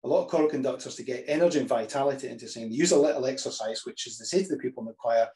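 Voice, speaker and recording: A man teaching healthy, lively choral singing, talking through the ideas and breaking into sung examples with frequent restarts. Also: mid-range voice, very fast. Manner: demonstrates phrases by singing, restarts often.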